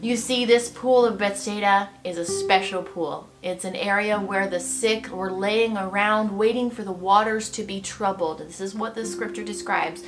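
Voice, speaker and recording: A woman giving a devotional Bible teaching in a reflective, gently expressive way. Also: mid-range voice, normal speed, hardly any pauses. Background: soft guitar music.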